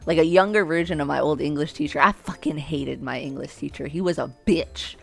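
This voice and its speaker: A young woman streamer reads a dating game aloud and keeps breaking in with brash, profane outbursts. Her voice sits fairly low, with faint game music underneath. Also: a little fast, gravelly, a bit bright.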